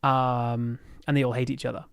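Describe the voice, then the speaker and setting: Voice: medium pitch, little pitch movement, moderate pace, creaky, smooth. A livestream host chatting casually at home, rambling and easily sidetracked, thinking aloud with many fillers and restarts. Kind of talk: casual lore chat on a livestream.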